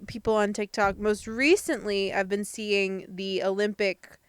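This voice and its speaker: A woman's voice: medium pitch, little pitch movement, measured pace, clear, resonant tone, no room sound, studio quality. A young adult woman co-hosting a podcast, chatting casually and thinking aloud with many fillers. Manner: thoughtful, hedging with many fillers. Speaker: podcast co-host. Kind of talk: casual chat.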